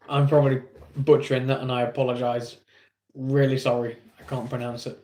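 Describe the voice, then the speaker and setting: A man's voice: mid-range voice, level tone, fairly quick, warm tone. A man with an English accent streaming live, chatting casually with viewers in a rambling, self-deprecating way.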